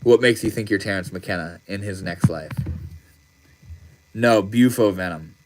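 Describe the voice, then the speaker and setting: This livestream host, a man with a lowish voice, speaks at a measured pace against slight background noise. He reads out viewers' comments and responds casually, relaxed and full of slang.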